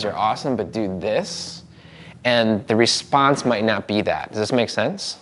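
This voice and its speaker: A middle-aged man teaching a live seminar, explaining body language and demonstrating it with his body. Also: medium pitch. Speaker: NLP trainer. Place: seminar room with audience.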